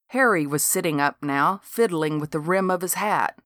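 A woman narrating a novel in a steady, measured storytelling manner. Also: fairly low pitch, dry recording, clean studio sound. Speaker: audiobook narrator. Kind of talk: novel reading.

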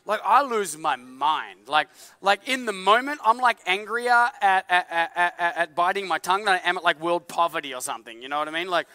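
A man in his thirties preaching a sermon in a church, animated and joking, full of filler words. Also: high-pitched, fairly quick, no room sound, in a large hall. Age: 30s. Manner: animated, jokey, many filler likes. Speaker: pastor.

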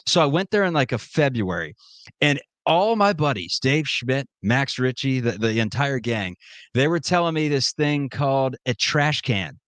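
A man's voice: mid-range voice, expressive, moderate pace, a bit bright, no room sound. Joking male podcast host, dry close sound. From Ohio. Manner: joking storyteller, ribbing banter. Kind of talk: casual podcast chat.

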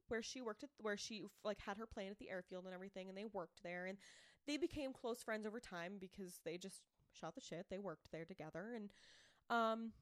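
A young woman co-hosts a podcast, casually retelling a true-crime story as a chatty storyteller who drops "like" constantly. Her mid-range voice is captured in studio quality with no echo.

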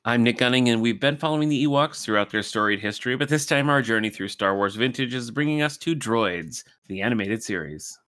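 A man's voice: mid-range voice, a little fast, hardly any pauses, fairly bright tone. A man co-hosting a podcast in casual chat, sharing anecdotes and reading out production details. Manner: conversational, reads production facts. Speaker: podcast co-host.

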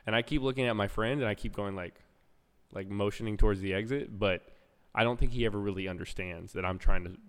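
A man's voice: fairly low pitch, fast, clean tone. A man telling a long story in casual chat on a live podcast, acting out the people he quotes. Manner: animated storyteller, acts out quotes loudly. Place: live show in a hall. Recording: reverberant hall.

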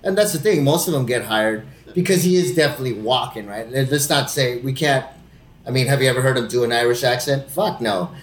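A man who is an actor, talking casually with lots of swearing and quick impressions of people he quotes. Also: medium pitch, reverberant. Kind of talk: casual podcast chat.

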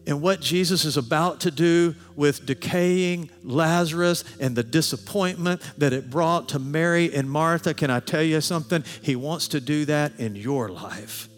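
A man preaching a sermon with animated delivery, sometimes acting out quoted voices. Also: fairly high pitch, normal speed. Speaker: pastor. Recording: long hall reverb with faint music.

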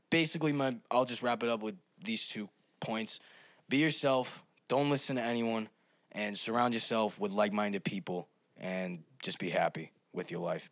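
A young man with a deep voice talks in a relaxed, earnest way as a podcast guest. His pitch sits low, and the recording is dry with no room sound. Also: creaky, no room sound. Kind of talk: casual podcast chat.

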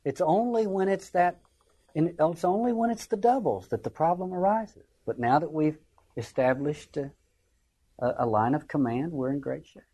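A man's voice: fairly high pitch, expressive, normal speed, warm tone, slightly rough, low-quality recording. A man giving an informal lecture on a play, talking wryly and acting out the quotations. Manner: conversational, wry, acts out quotations. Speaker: literature lecturer.

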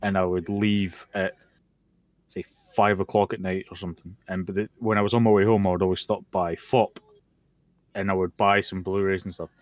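A man's voice: deep voice, level tone, moderate pace, dry recording. A Scottish man co-hosting a podcast in casual chat, swearing often and sounding tired, talking over a voice call. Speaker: podcast co-host. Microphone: computer mic over a voice call.

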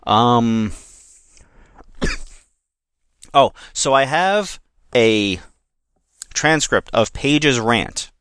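Male co-host, casual chat, dry low-key read, mid pitch, close dead sound. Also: lively intonation, very slow, pauses often, a bit bright, smooth, dry recording. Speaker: podcast co-host.

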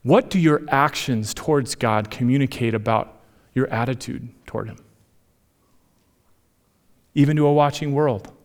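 A man, preaching a sermon as pastor, animated in his storytelling and dropping to near whispers for emphasis. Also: medium pitch, a little slow, pauses often.

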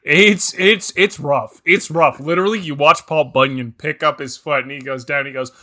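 Man, high bright voice, lively pitch, podcast co-host, laughing, halting restarts. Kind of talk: casual comedic banter.

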